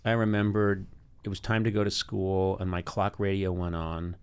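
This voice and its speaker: A middle-aged man telling funny stories in casual chat. He is animated, laughs often, and gets loud when he is excited. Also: low-pitched, moderate pace, clear, resonant tone. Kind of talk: comic storytelling chat.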